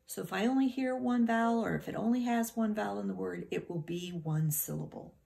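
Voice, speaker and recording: A woman's voice: mid-range voice, fairly quick, gravelly, warm tone. A woman teacher giving a phonics lesson to young children, speaking patiently, sounding out the parts of words and sometimes dropping to a whisper.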